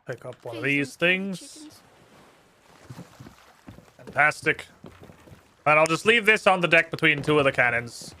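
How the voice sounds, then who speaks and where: A man's voice: on the high side, expressive, a little slow, long pauses, pushed and bright, slight background noise. A man streaming a pirate game, chatty and teasing, laughing often. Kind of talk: casual gaming chat.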